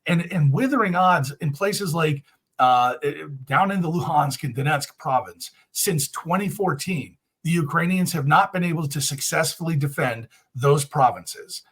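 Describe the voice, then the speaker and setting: A man's voice: a little high, animated, normal speed, a bit bright, slightly rough. A man giving blunt, emphatic commentary as a guest in an interview. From United States.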